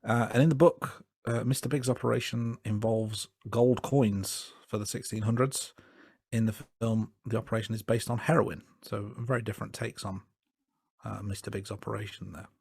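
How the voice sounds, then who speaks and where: Low-voiced man reviewing films casually. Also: normal speed, vocal fry, breathy edge, no echo, clean studio sound. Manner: relaxed, hesitant, with fillers and restarts. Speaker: podcast co-host. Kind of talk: casual film review chat.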